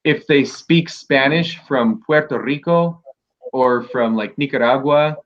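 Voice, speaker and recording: A man's voice: medium pitch, measured pace. Man chatting in an online class, muffled audio. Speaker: class participant, interpreter. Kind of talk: casual online class talk. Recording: muffled video call audio.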